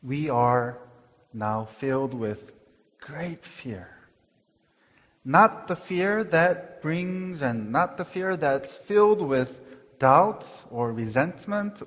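A man preaching a sermon in an earnest way, repeating words for emphasis, rising in volume on key phrases and dropping to a hush. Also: medium pitch. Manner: swells louder on key phrases, then drops to a hush. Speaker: pastor. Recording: long hall reverb.

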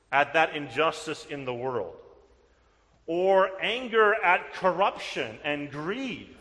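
Man, pastor, high bright voice, earnest sermon, long church-hall reverb. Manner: earnest, rhetorical questions and answers. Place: church sanctuary.

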